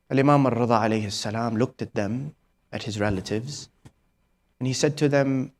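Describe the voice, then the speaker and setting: A man delivering a mourning sermon, telling the story softly and often prompting his listeners with a questioning "hmm?", at times rising to loud peaks. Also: lowish voice. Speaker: preacher.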